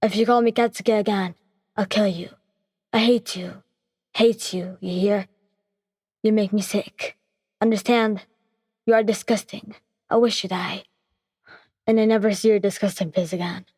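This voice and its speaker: A woman's voice: mid-range voice, steady tone, normal speed, pauses often, darkish tone, studio quality, natural voice. A woman voicing a snarling jealous young boyfriend. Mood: enraged. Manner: snarling, cursing, accusing. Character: hot-tempered jealous young male boyfriend. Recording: breathy voice with long reverb.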